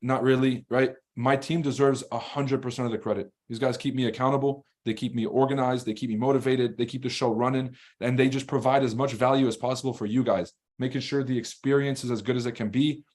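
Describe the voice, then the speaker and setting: Blunt, profane male trading streamer. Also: mid-range voice. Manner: fast, rambling and animated when ranting. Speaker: livestream trading host. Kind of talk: casual live-stream commentary reading chat.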